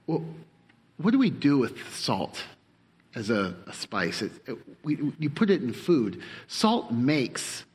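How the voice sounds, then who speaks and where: A male pastor preaching a sermon in an emphatic manner, slowing down to stress phrases and speeding up for quick asides. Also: mid-range voice, very animated, a little mellow, breathy edge. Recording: long hall reverb.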